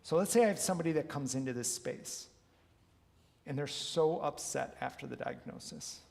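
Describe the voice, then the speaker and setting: A man leading a wellness workshop and telling coaching stories in an earnest, animated way. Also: fairly high pitch, normal speed, gravelly. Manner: earnest, animated storyteller who acts out quotes. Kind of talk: motivational storytelling talk. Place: large hall, live talk. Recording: long reverb of a hall.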